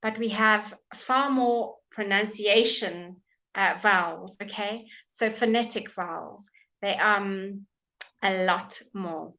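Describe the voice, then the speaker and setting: English woman, pronunciation tutor, unhurried delivery, muffled lo-fi stream audio. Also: mid-range voice, bright, forceful tone. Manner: slow, patient, drawing out example words for repetition. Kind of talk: live online language lesson.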